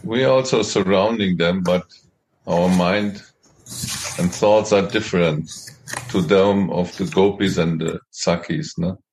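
A man in a devotional discussion, talking slowly with a playful, laughing manner. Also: low-pitched, a little mellow.

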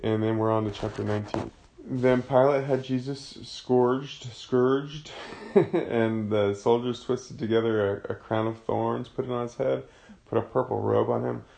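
A man's voice: on the low side, little pitch movement, normal speed, creaky, warm tone. A man teaching a casual Bible study, explaining a passage in a conversational way.

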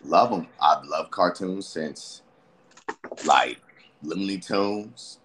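A man chatting loosely and telling stories, jumping into voices of the people in them. He swings his pitch up and down and speeds up and slows down as he goes. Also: a little hiss or hum. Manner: animated, acts out voices of himself and friends. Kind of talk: casual storytelling chat.

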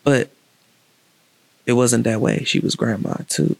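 A man telling a personal story in a candid, reflective, casual way, with halting restarts and pauses. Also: medium pitch, vocal fry, dry recording.

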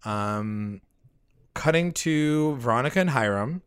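A young man co-hosting a casual TV recap podcast, relaxed and chatty, saying y'all and swearing now and then. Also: medium pitch, slow, clean tone. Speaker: podcast co-host.

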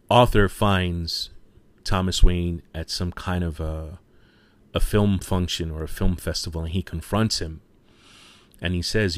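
Deep-voiced man enthusing over a film. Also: no room sound. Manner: enthusiastic, retells scenes with quoted lines; frequent fillers like "you know". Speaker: film reviewer. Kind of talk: casual spoken movie review.

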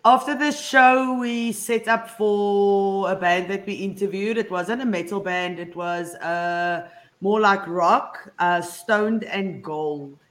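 A man's voice: high voice, slow, fairly bright tone. A man co-hosting a talk show, chatting in a laid-back way and dropping short, dry quips. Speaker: co-host. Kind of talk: casual chat.

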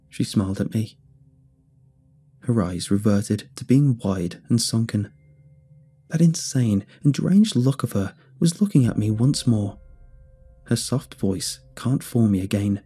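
Low, husky man narrating horror. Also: lively intonation, normal speed, dark tone, soft background music. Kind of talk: scripted first-person horror narration.

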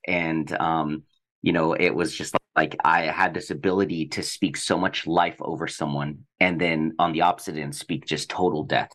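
A man's voice: sits low, sharp tone. A man on a faith podcast, telling a personal testimony in an earnest, reflective way. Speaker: podcast co-host.

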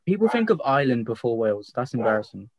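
A man's voice: mid-range voice, big pitch swings, quick pace, dull audio, noisy background. Laid-back young man hosting a podcast. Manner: laid-back, swears casually. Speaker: podcast host. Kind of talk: crude casual banter.

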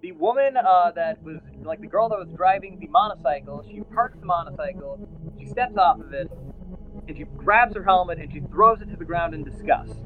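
A man's voice: high voice, animated, a little fast, phone-quality sound, soft background music. A man narrating as game master of a tabletop role-playing game, telling the story with many fillers and restarts.

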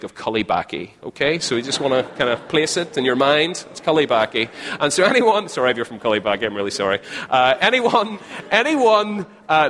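Northern Irish preacher in a reverberant hall. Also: male voice, mid-range voice, a bit bright. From Northern Ireland. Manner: chatty, repeats phrases, jokes with the audience. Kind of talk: sermon. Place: large hall with a live audience.

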